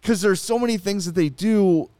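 A man's voice: sits high, moderate pace, warm tone, no room sound. A man with a Chicago accent hosting a sports podcast, talking casually and swearing in frustration. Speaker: podcast host.

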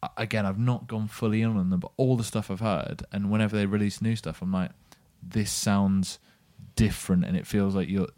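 A man with a fairly low voice chats about bands in a relaxed, wry way. His humour is dry, and he thinks aloud with fillers. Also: brisk, few pauses. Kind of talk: casual chat.

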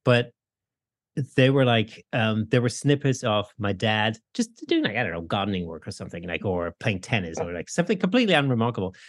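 A man's voice: on the low side, lively intonation, brisk, no room sound, studio quality. A man in his forties in a casual podcast conversation, talking in a reflective, rambling way with many fillers.

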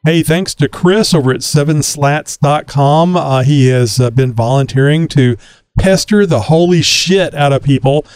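A man's voice: fairly high pitch, a little slow, a little mellow, clear, resonant tone, no echo. A man co-hosting a podcast in casual chat, rambling with frequent fillers and restarts. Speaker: podcast co-host.

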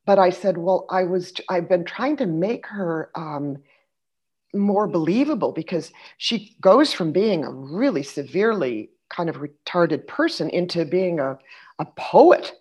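A middle-aged woman in casual conversation, an animated storyteller who laughs and restarts her sentences. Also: on the low side, a little slow, husky. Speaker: guest.

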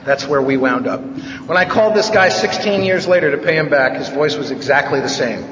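A man's voice: a little high, brisk, noisy background. Wry storyteller man from the Bronx, echoey hall. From the Bronx, New York. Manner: wry, joking, animated storyteller. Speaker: speaker at a recovery meeting. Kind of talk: personal recovery talk, humorous storytelling. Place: large meeting hall. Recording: echoey hall, distant mic, dull sound.

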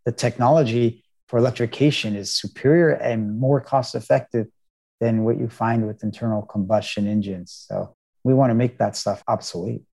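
A man's voice: mid-range voice, fairly even intonation, normal speed, vocal fry, a little mellow. A middle-aged American man, a startup founder, giving earnest storytelling answers in an interview. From United States.

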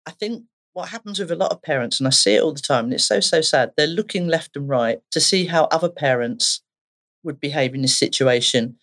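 A woman's voice: low voice, fairly quick. A woman therapist with an Essex accent, telling stories animatedly in a podcast conversation and laughing often. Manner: animated storyteller, laughs often, acts out voices. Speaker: therapist guest.

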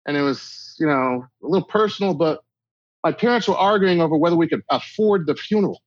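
A man's voice: a little high, animated, fairly quick, dry recording. A middle-aged man talking bluntly and emphatically in an interview, giving tough-love advice. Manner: blunt, emphatic tough-love delivery, acts out quoted exchanges. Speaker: guest speaker. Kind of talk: conversational interview talk. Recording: dull lo-fi dry recording.

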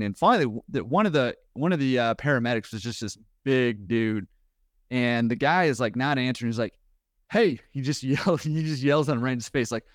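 Man, podcast guest, energetic storyteller, even pitch, dry sound. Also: no room sound. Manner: energetic, quick-paced storytelling. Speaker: laundromat owner guest. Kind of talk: storytelling anecdote in a podcast interview.

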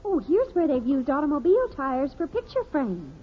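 A gushing, excitable teenage daughter in a 1950s radio comedy. Her high, bouncy voice rises and falls eagerly as she rushes through ideas. The sound is dull and muffled, like old radio. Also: slight background noise. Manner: breathless and enthusiastic.

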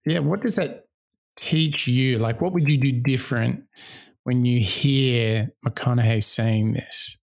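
A man's voice: medium pitch, takes it slowly, vocal fry. A man co-hosting a podcast, asking probing questions in a casual way. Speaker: podcast co-host. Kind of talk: casual discussion.

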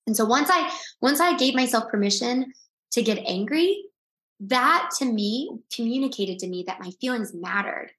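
A woman's voice: fairly high pitch, expressive, moderate pace, fairly bright tone. Earnest woman telling her story, roomy sound. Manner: earnest, tearful at times, frequent restarts. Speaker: interview guest. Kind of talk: emotional personal storytelling.

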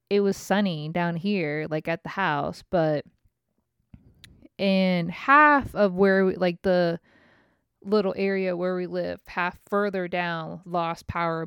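A woman in her thirties tells a rambling, profane story. Her voice is smooth and clear, at a middling pitch. The sound is dry, with no room echo. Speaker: podcast host. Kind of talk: casual chat.

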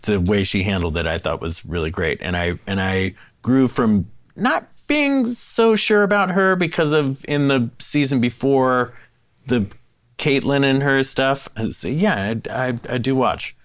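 A man from San Francisco in casual podcast chat, stumbling through fillers and repeated words. His pitch moves a lot, and the sound is dry and close with no room around it. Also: animated, measured pace, no echo. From San Francisco, USA. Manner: hesitant, many fillers and repeats. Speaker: podcast co-host.

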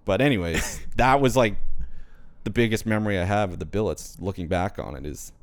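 A man's voice: on the low side, brisk, no room sound. A man in his twenties, a podcast guest, telling rambling stories in casual chat with lots of fillers. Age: 20s. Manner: rambling storytelling, many fillers.

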